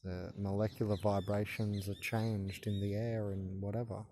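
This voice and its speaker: On his channel, a host in his thirties rambles to camera in a halting way, with frequent stammers and restarts. He speaks in a lowish, warm voice at a normal speed with a level tone, and there's a slight hiss or hum.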